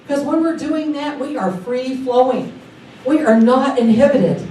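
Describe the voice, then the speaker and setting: A woman giving a sermon at a church service, enthusiastic and animated, with excited exclamations. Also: high voice, normal speed, slight background noise. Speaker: guest speaker at a church service. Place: large sanctuary during a service. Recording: echoey hall, picked up from a distance.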